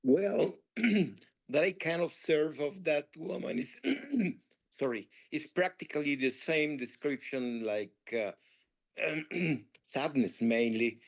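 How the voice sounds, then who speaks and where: A man in a workshop answering hesitantly, searching for words and clearing his throat. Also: a little high, animated, slow. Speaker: workshop participant. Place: workshop room.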